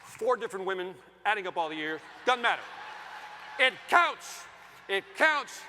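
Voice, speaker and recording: Animated middle-aged man on a keynote stage. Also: sits high, moderate pace, some chatter behind, a little hiss or hum. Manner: animated, swinging from loud bursts to hushed asides. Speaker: keynote speaker. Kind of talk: comedic keynote storytelling. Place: large conference hall stage. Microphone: stage microphone. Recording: long reverb of a large hall.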